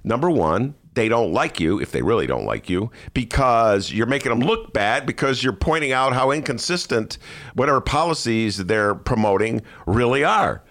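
A man's voice: medium pitch, moderate pace. A man hosting a political talk show, giving casual, sarcastic commentary with lots of "uh" fillers, speaking from a studio. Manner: sarcastic, animated, many "uh" fillers.

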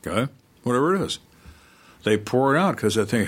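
An older man, a retired homicide detective, telling interrogation stories calmly and dryly and acting out suspects' lines. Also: medium pitch, brisk, husky. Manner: calm, dry, acts out suspects' lines. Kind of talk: storytelling in interview.

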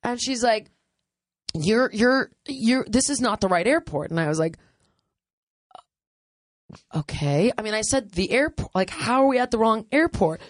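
A woman host telling a funny travel story in casual chat, animated and laughing often, acting out other people's lines. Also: on the high side, measured pace, pauses often, no echo, studio quality.

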